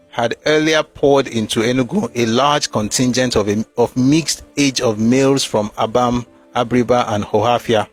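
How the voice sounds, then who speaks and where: A man reading passages from a war memoir aloud and breaking off with mocking, emphatic asides. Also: medium pitch.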